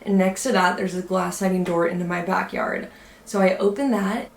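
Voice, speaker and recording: A young woman telling a spooky story to her vlog viewers in a casual, animated way, acting out what people said. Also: lowish voice, moderate pace, vocal fry. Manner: animated, acts out quotes, many "like" fillers. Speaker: vlogger. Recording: echoey room.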